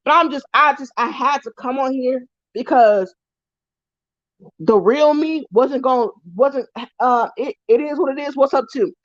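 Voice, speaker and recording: A woman's voice: high voice, measured pace, no room sound, lo-fi sound. Heated woman ranting on a livestream. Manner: heated, repetitive, profane ranting. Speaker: live-stream vlogger. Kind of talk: angry ranting live stream.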